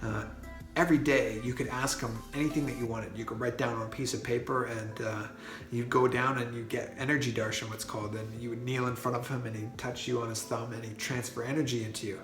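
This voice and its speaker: A man recounts a personal experience in a loose, earnest vlog monologue, often pausing on fillers and restarting his sentences. His voice carries a roomy echo, and faint music plays underneath. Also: mid-range voice. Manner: earnest, many fillers and restarts, grows excited. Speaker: vlogger. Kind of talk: personal story, casual monologue.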